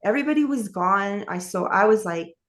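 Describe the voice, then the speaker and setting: A woman's voice: medium pitch, expressive, fairly quick. A woman telling her life story in an interview, candid and rambling, with many fillers and restarts. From New York. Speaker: author and interview guest.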